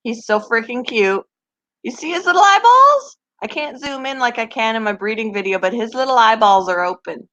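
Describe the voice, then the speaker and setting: A woman's voice: a little high, fairly quick, few pauses, fairly bright tone, rough recording. A woman hosting her pet channel, chatting casually to viewers and gushing over tiny baby animals. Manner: chatty, gushing, laughs often. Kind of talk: casual live chat to viewers.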